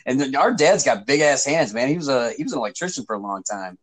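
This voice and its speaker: Lively, husky-voiced man. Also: mid-range voice, fast talker. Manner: lively, joking, profane. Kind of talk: casual chat.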